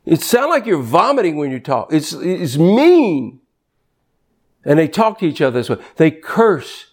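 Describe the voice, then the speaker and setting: Animated man preaching a sermon. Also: husky. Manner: animated, conversational preaching with sudden pitch jumps; reads scripture aloud quickly.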